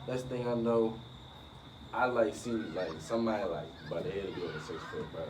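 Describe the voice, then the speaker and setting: A man's voice: lowish voice, a little fast, far from the mic. A man co-hosting a casual video, telling a story in slang and saying "bro" a lot. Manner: slangy, says "bro" constantly, animated retelling. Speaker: channel co-host. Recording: roomy, from off-mic, noisy.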